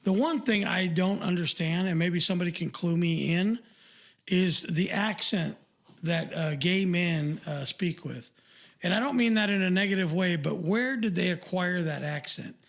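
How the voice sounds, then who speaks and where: An older man with a notably high voice co-hosts a podcast in casual chat. He rambles, circling back with fillers and restarts as he goes. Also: normal speed, creaky, fairly bright tone. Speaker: podcast co-host.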